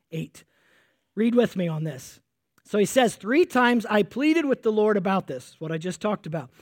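A man preaching a sermon with energy, swinging between loud emphasis and quiet intensity, sweating as he speaks to a congregation. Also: high-pitched, dry recording, studio quality. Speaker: pastor.

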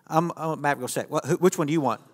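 High-voiced pastor in a reverberant hall. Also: male voice, rapid-fire. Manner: playful, joking with the audience. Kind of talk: interactive sermon with volunteers. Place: church stage. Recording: long reverb of a church hall.

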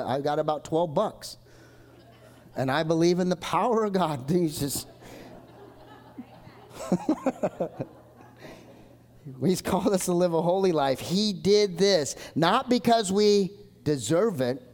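A man preaches a live sermon with a slightly high voice, earnest and emphatic. He swings from forceful declarations to hushed asides. A long church-hall reverb trails behind every phrase. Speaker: pastor.

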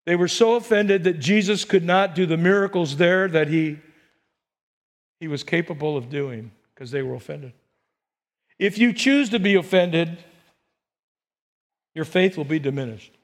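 A man preaching a sermon as pastor, animated, acting out people in quotes and rising to near-shouts. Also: on the high side, measured pace, pauses often.

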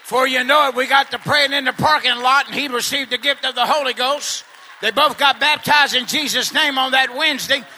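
A man preaching a sermon, moving between shouted, fervent exhortation and laid-back, joking storytelling. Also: very high voice, fairly even intonation, brisk, a faint crowd, a little hiss or hum.

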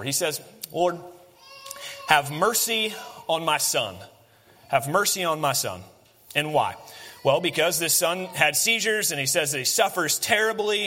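A man preaching a conversational, animated sermon as a pastor. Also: on the high side, long reverb tail.

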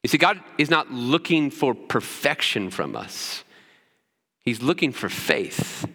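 A man's voice: mid-range voice, big pitch swings, slow, pushed and bright, long reverb tail. A man preaching a sermon as pastor, often checking in with "right?" as he teaches. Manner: preaching with frequent "right?" asides.

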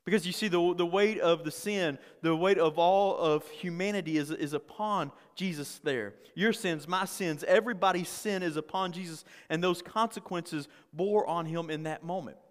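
A man's voice: high voice, normal speed, few pauses, big-room sound. A male pastor preaching a conversational sermon, often repeating words and asking the congregation questions.

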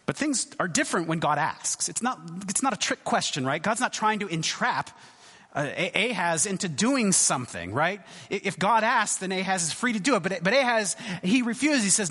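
A man preaching in a loose, conversational way, stumbling over restarts and playing out the voices in his story. His pitch sits a little high and swings widely. The sound trails off into a long hall reverb. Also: big pitch swings, normal speed, bright, forceful tone, slightly rough. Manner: conversational, hesitant restarts, acts out quoted voices. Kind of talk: sermon.

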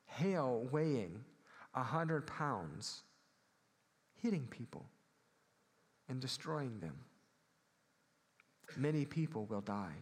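A Midwestern pastor preaches a sermon to his church in an earnest, sing-song voice at an ordinary middle male pitch, often pausing to call for an amen. A long reverb from the hall carries his sound.

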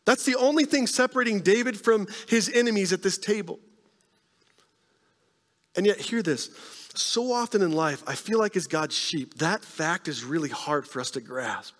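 A man preaching a sermon in a conversational way, often checking in with the congregation with quick questions. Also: high-pitched, lively intonation, long reverb tail. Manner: conversational preaching, frequent "right?" tag questions. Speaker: pastor.

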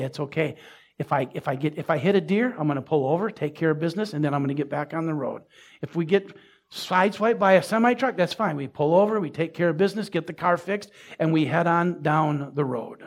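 A pastor delivering a sermon in a conversational way. He asks the congregation questions and builds to emphatic peaks. His voice is husky and sits a little high for a man. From Minnesota. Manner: conversational preaching with rising emphasis and asides to the congregation.

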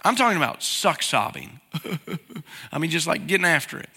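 A man's voice: a little high, very animated, normal speed, creaky, bright, forceful tone, husky, in a large hall. A man, preaching a sermon as pastor and talking to the congregation with plain questions. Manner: conversational, asks the congregation questions.

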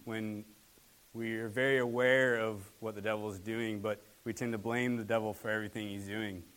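A young man giving a sermon as guest preacher, conversational and relaxed, with fillers and humorous asides. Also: lowish voice.

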